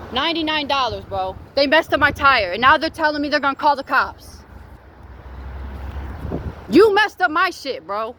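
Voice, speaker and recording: A woman's voice: high-pitched, bright, forceful tone, a little hiss or hum. Heated young woman ranting outdoors. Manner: heated, indignant, swearing, retelling a dispute. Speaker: vlogger. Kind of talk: angry rant to camera. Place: outdoors by a car repair shop.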